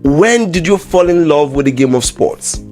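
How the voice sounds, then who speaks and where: A man's voice: a little high, expressive, normal speed, darkish tone, faint music behind. A man hosting a podcast interview. He rambles through his questions, restarts them, and finishes his guest's sentences. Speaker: podcast host. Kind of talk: casual interviewing.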